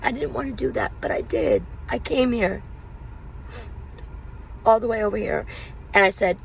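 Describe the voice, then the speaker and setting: A woman's voice: mid-range voice, expressive, normal speed, creaky, pauses often, slight background noise, poor audio. A woman and mother telling her own painful story on a vlog, in an emotional, rambling, confessional way. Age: adult, mother of young children.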